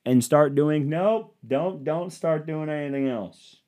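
A man's voice: fairly high pitch, slow, mellow. A man hosting a podcast, delivering a rambling, sarcastic comedic monologue with casual swearing. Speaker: podcast host.

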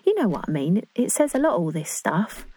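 A woman's voice: fairly low pitch, sing-song, a little fast, warm tone, slightly rough. An actress playing an earnest, awkward young woman in love. She speaks in a chatty, confiding, self-conscious English voice in a dramatic monologue. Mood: excited.

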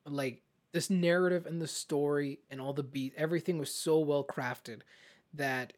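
A man co-hosting a casual film podcast, excitable and animated, often acting out scenes as he talks. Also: fairly high pitch, normal speed. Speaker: podcast co-host. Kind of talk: casual film review chat.

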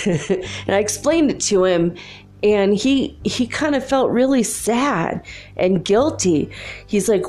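A woman telling a comic story in a deadpan, rambling way, breaking into laughs. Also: mid-range voice, slow, faint music behind. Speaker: comedic storyteller. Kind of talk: comic monologue.

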